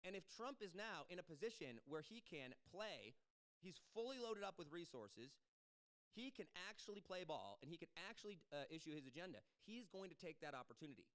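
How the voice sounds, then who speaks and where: A man's voice: on the high side, a little fast. A man hosting a show, talking through politics in a casual, emphatic monologue and acting out what others might say. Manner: animated, emphatic, acts out quoted voices. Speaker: podcast host.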